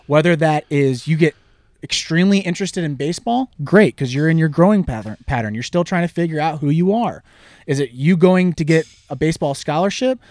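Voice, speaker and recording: A youth baseball coach in his thirties talks earnestly on a casual podcast, occasionally tripping over his words. His voice is a little high with a darkish tone, and the recording is dry.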